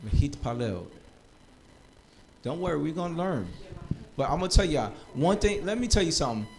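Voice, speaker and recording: A man teaching a live classroom lesson, lively and joking, urging his students like a preacher. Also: fairly high pitch, normal speed, gravelly. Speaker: Hebrew teacher.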